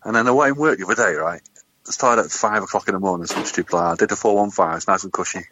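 A man's voice: deep voice, racing, pushed and bright, slight background noise. A man from England telling jokey, sweary stories in casual podcast banter. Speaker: podcast co-host. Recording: dull lo-fi sound.

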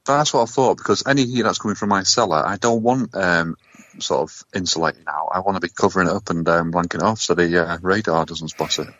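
A man co-hosting a podcast from his kitchen, telling rambling sweary stories in a deadpan way. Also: low voice, fast talker, no room sound, dull audio. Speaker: podcast co-host. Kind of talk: casual chat.

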